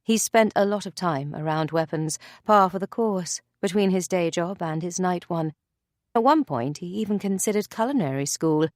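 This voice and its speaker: A woman reading a thriller novel aloud as narrator, in a measured, dry storytelling manner. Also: lowish voice, no room sound. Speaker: audiobook narrator. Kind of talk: scripted narration.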